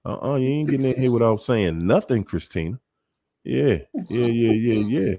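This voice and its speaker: A man with a Washington DC accent hosting a live online show, giving playful, slangy shout-outs to viewers. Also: mid-range voice, normal speed, no room sound. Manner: animated and playful, slangy, laughing often.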